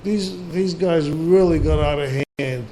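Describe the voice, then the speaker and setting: A man's voice: fairly high pitch, a little slow, dark tone, a little hiss or hum, rough recording. A man hosting a casual call-in talk show, rambling with many fillers and restarts. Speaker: radio show host.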